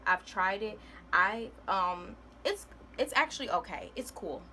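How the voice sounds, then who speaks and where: A woman's voice: mid-range voice, animated, a little slow, pushed and bright, slight background noise. A young woman, chatting casually and rambling through a makeup vlog, with dramatic outbursts. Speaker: beauty vlogger.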